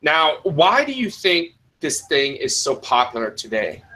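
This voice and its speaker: On his podcast, this man talks casually and rambles, full of fillers and restarts, stopping to respond to live chat and spelling things out with the phonetic alphabet. He sounds on the high side, sing-song and sharp, speaking a little slowly in a rough recording.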